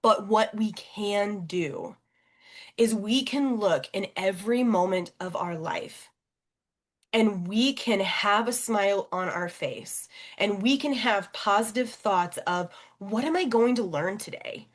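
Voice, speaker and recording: A young adult woman, a podcast guest and coach, telling a personal story in an animated, expressive way. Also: mid-range voice, takes it slowly. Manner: animated and expressive, acting out quoted voices.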